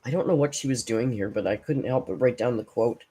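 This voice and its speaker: A woman's voice: extremely low pitch, fairly quick, warm tone, breathy edge. A woman hosting a reaction channel, giving blunt, sarcastic casual commentary and swearing freely.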